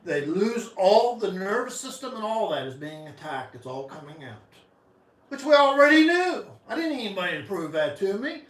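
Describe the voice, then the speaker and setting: A male pastor preaching a sermon with passion, his voice swinging from loud to soft. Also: on the high side, lively intonation, moderate pace, roomy sound, far from the mic, poor audio. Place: church sanctuary.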